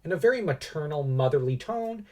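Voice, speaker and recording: A man's voice: fairly high pitch, expressive, brisk, mellow. Chatty male podcast host. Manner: rambling, chatty retelling with restarts. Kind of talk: casual movie review chat.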